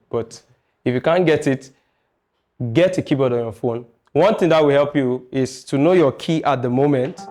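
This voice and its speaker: A man's voice: mid-range voice, darkish tone. A man teaching a music class, chatty and jokey, often asking his students questions. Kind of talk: classroom lecture.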